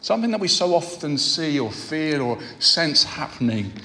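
A man's voice: fairly high pitch, sing-song, creaky, bright, forceful tone. Man preaching in an echoing hall. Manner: measured, with repetition for emphasis. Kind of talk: sermon. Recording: long hall reverb.

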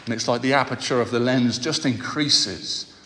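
A man preaches a sermon. He speaks in a measured, unhurried way and leans on repetition for emphasis. His voice rings out in a hall with long reverb. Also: medium pitch, sharp tone.

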